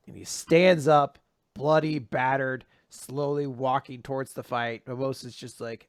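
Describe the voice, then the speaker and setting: A man casually retelling a manga chapter on a podcast, animated and acting out the lines as he goes. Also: mid-range voice, normal speed, no echo, studio quality. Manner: animated, slips into character voices when retelling. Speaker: podcast host. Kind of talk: casual manga recap chat.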